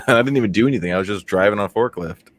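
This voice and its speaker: A man with a fairly low voice spins long, crude anecdotes in loose podcast banter. His delivery rambles and circles back, and the sound is dry with little room echo. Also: rapid-fire. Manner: rambling, crude storytelling with laughs. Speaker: podcast co-host. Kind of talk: casual podcast chat.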